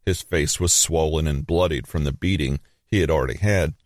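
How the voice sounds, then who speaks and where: A man reading a scripted Bible story as narrator, measured and grave, with dramatic pauses. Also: extremely low pitch, no room sound, clean studio sound.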